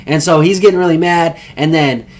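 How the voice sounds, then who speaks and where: Excitable young man recapping an anime. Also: a little high, brisk. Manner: excited, rambling retelling with swearing and slang. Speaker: anime reviewer. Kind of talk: casual episode recap.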